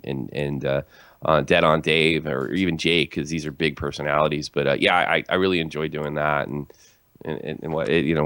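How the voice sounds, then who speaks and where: A man hosting a casual group podcast, talking in halting bursts and repeating his words as he thinks aloud. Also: extremely low pitch, a bit bright, no echo. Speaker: podcast host.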